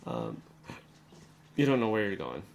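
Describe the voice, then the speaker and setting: A young man with a low voice runs a tabletop game as game master. He narrates loosely, stringing scenes together with plenty of ums and likes, over a faint hiss of noise. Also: very animated, unhurried, creaky, darkish tone, dull audio.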